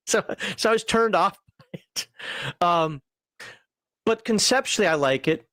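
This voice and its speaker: Man, high voice, casual rambling chat, frequent laughter, dry recording. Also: animated, unhurried, bright, forceful tone, dry recording. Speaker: podcast co-host reviewing a tabletop magazine.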